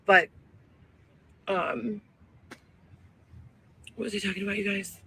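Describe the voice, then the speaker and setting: A woman's voice: mid-range voice, fairly even intonation, slow pace, sharp tone, a little hiss or hum, rough recording. A woman talking in a wandering, emotional and self-righteous way, in a clip played back. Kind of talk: rambling monologue. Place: outdoors, living in a tent.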